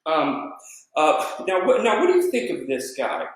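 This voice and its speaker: A man's voice: on the high side, wildly swooping pitch, normal speed. A man voicing an awkward, prying male spy handler in a comedy bit. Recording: echoey living room.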